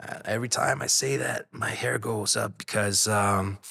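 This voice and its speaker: Male podcast guest, 30s, low voice, candid and animated storyteller. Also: moderate pace, creaky, slightly rough. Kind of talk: casual storytelling.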